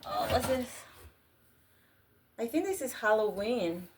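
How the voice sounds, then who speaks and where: A woman whose first language is Spanish, excitedly chatting through a casual unboxing and gasping over each find. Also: fairly high pitch, slow, gravelly. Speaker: vlogger unboxing a craft store grab box.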